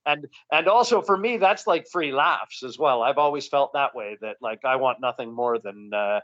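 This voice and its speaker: A man with a Canadian accent, a comedian chatting as a guest in an interview, rambling and relaxed with frequent restarts. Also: medium pitch, normal speed. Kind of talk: casual interview chat. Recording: dull lo-fi recording.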